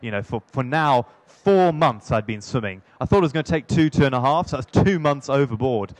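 A man's voice: mid-range voice, dry recording. Man telling an adventure story, dry close sound. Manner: lively, self-mocking, quick asides with laughs. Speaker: speaker telling of a long sea swim. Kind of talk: storytelling talk.

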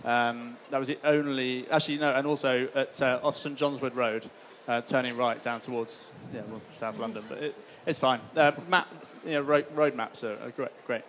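A man with a middle-pitched voice answers in a loose, rambling way, easy and unhurried. Light noise is heard behind him. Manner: relaxed, rambling. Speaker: touring cyclist on a panel. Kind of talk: casual panel answer.

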